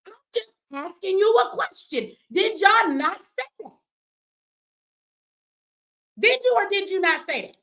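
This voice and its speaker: A woman running a live stream, confrontational and profane, swinging between yelling at viewers and slow, emphatic explaining. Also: very high-pitched, lively intonation. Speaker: livestreamer answering her chat; business owner.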